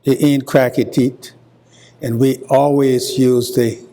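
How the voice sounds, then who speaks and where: An older man from Hilton Head Island with a Gullah accent, giving a university lecture deliberately and repeating example words as he explains. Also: medium pitch, little pitch movement, dark tone. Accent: Gullah, coastal South Carolina. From Hilton Head Island, South Carolina. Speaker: guest lecturer.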